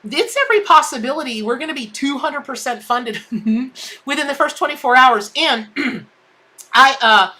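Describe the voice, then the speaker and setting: A woman's voice: sits high, moderate pace, bright, forceful tone. A woman hosting a live tarot stream, chatting in a bubbly way and greeting viewers by name. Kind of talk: casual live-stream chat.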